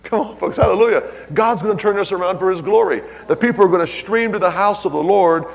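A man's voice: high voice, quick pace, gravelly. Preaching man in an echoing hall. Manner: exclaims "hallelujah" and calls out to the congregation. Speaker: pastor. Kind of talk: preaching a sermon with personal stories. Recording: long reverb in a large hall.

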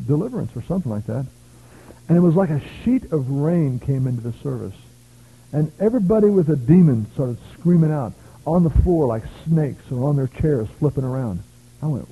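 A man from the United States preaches a revival sermon, telling stories and breaking into shouts of praise with real emphasis. His voice sits on the high side, creaky with a breathy edge. The audio is tinny and lo-fi, like a phone.

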